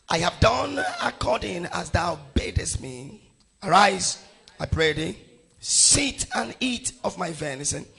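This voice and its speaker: A middle-aged male pastor from Nigeria leading his congregation through a Bible passage verse by verse, calling out each verse and rising to shouts on key lines. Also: high-pitched, vocal fry, breathy edge. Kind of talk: sermon with congregational scripture reading.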